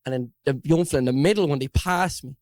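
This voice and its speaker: Young Dublin man, podcast co-host, sweary storyteller, slightly high voice. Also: quick pace, a little mellow, no echo. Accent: Dublin Irish. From Ireland. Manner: swears often, acts out voices in his story. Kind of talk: casual storytelling.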